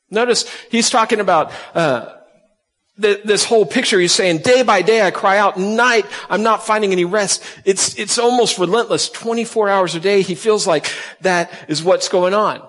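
Guy preaching in a church, slightly high voice, long echo off the hall, keeps asking the room questions. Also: a bit bright. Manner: emphatic teaching, rhetorical questions to the congregation. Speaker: pastor. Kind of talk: sermon. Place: church sanctuary.

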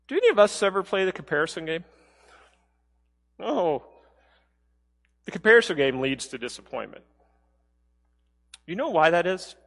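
A man preaching a sermon as a pastor, talking in a conversational way and dropping to a soft low voice when he quotes. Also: big pitch swings, normal speed, pauses often, long reverb tail.

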